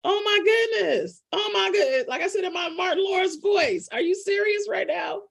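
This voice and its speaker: A woman doing an impression of an exasperated comedic man, exclaiming loudly in disbelief. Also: very high voice, normal speed, gravelly, voice pushed up. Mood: incredulous.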